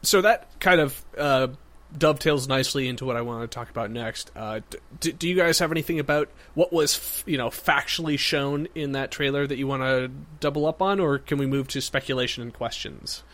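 Halting young man leading the chat. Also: mid-range voice, fairly bright tone. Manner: halting, steering the discussion. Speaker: podcast co-host. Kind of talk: casual tech podcast chat.

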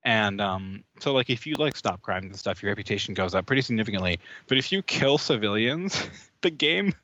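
A man's voice: fairly low pitch, lively intonation, fairly quick, bright, forceful tone, muffled recording, slight background noise. A man in casual chat, defending and explaining a game and laughing often.

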